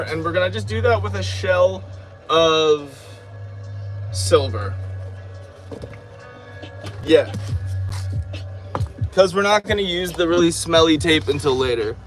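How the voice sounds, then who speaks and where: A man's voice: a little high, measured pace, pauses often, soft background music, poor audio. A man hosting a casual crafting stream, rambling playfully between topics while he works. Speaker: channel host, crafter.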